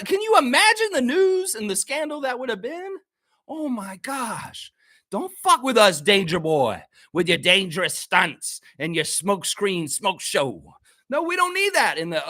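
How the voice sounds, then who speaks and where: Loud, high-pitched, profanity-laced male fan ranter. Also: dry recording. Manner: profane, mocking and animated, reads chat comments aloud. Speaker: host of a fan livestream. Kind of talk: ranting live fan commentary. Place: friend's home.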